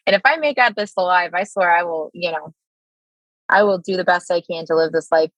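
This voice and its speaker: American woman, 30s, army veteran guest; low voice, dry close sound, halting with frequent restarts. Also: no echo, rough recording. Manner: halting, many fillers and restarts. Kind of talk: candid interview storytelling.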